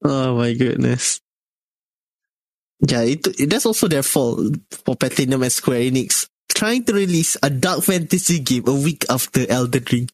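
A man with a Malaysian English accent co-hosting a casual gaming podcast, telling stories in an animated way. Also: mid-range voice, a little slow, no echo. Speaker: podcast co-host. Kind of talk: casual chat.

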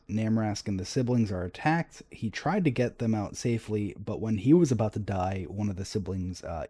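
A man's voice: fairly low pitch, warm tone, no room sound. A man talking casually about game lore, rambling with fillers and restarts as he reads entries aloud. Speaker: podcast co-host discussing game lore.

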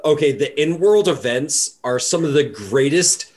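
A man's voice: a little high, measured pace. Co-host, male, loose casual storyteller on a video call, swears a lot, does bits. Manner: excitable storytelling, retells game scenes in silly voices. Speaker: podcast co-host.

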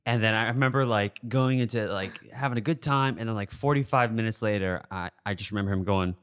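A man's voice: lowish voice, fast, a bit bright, smooth. A man co-hosting a podcast, telling stories in an easygoing, casual way. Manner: storytelling, easygoing. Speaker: podcast co-host. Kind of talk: casual chat.

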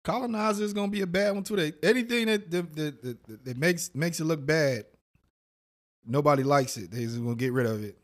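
A man's voice: fairly high pitch, a little fast. A man co-hosting a podcast, firing off blunt, crude, joking retorts in casual chat. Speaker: podcast co-host.

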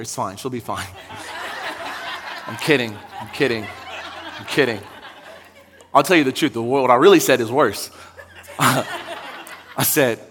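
A young adult man, a pastor, preaching in a church in a conversational, joking way that rises to shouted intensity. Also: mid-range voice, big-room sound. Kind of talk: sermon. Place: church sanctuary.

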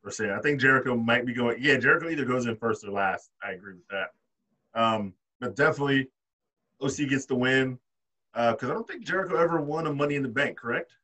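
A man's voice: mid-range voice, quick pace, pushed and bright, recorded from a distance. A man co-hosting a casual podcast, laid-back and thinking aloud through his reasons. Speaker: podcast co-host. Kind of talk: casual chat.

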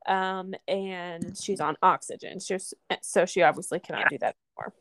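A woman's voice: lowish voice, fairly even intonation, moderate pace, a bit bright, no room sound. A woman from the American Midwest co-hosting a podcast, chatting casually and laughing often. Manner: chatty, laughs often, fillers like "you know". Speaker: podcast co-host. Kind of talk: casual chat.

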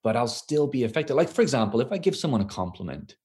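A man in a casual conversation, reflecting out loud with frequent restarts, his voice rising as he gets animated. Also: medium pitch, quick pace. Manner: reflective, restarts often, rises when animated.

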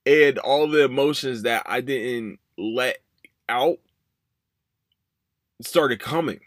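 A man's voice: mid-range voice, slow, fairly bright tone, dry recording. A young man hosting a podcast, rambling through a personal story, cursing and apologizing for it. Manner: rambling, curses and apologizes, voices his own past thoughts. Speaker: podcast host. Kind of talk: casual storytelling.

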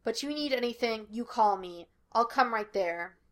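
A woman reading the lines of a gruff, exasperated male police detective in a fan fiction podfic. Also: on the high side, animated, moderate pace, a bit bright. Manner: curt and demanding.

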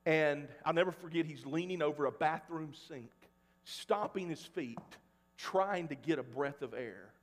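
A pastor in his forties from Mississippi preaching a sermon, dropping to a hush and then shouting at the peaks. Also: on the high side, measured pace. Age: 40s. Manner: swings between hushed and loud, shouting at peaks. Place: church sanctuary. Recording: long church reverb.

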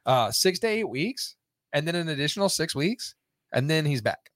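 A man's voice: a little high, big pitch swings, normal speed, a bit bright, no room sound. Rambling, laughing man host, dry mic. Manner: rambling, laughs often, heavy filler words. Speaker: podcast host. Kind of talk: casual chat.

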